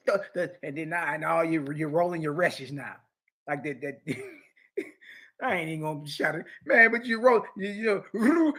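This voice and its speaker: Man, high voice, scripture lecture, taunting, slangy, repeats himself for emphasis. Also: very animated, moderate pace, a bit bright, slightly rough. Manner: mocking, confrontational, slangy; repeats key phrases for emphasis. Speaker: religious teacher.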